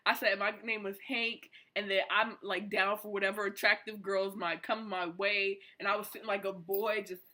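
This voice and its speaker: A young woman, a college student, excitedly telling a casual storytime vlog in slangy, animated speech. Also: medium pitch, normal speed, hardly any pauses. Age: young adult. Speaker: vlogger.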